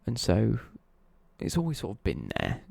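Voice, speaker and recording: Streaming from home, a young East Midlands man answers viewers in a rambling, self-correcting way. His lowish voice is mellow, dark and rough-edged, with huge pitch swings at a moderate pace. The sound is dry and close, with no echo.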